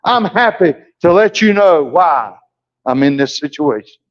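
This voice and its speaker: Preacher acting out an eager apostle, exuberant and pleading, high voice, muffled lo-fi sermon recording. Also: male voice, animated, unhurried. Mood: joyful pleading. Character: joyful apostle Paul, grown man pleading before king.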